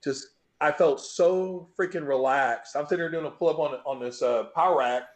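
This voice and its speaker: A middle-aged man who holds a bench press record appears as a guest on an interview show, speaking at normal speed in a fairly high voice. He tells a loose, profane story animatedly, acting out the moments as he goes, in a roomy, echoing space.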